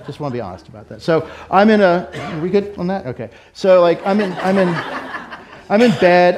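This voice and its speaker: A man's voice: a little high, darkish tone. A middle-aged man preaching a sermon in a candid, self-deprecating, conversational way. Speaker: pastor. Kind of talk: sermon with personal story.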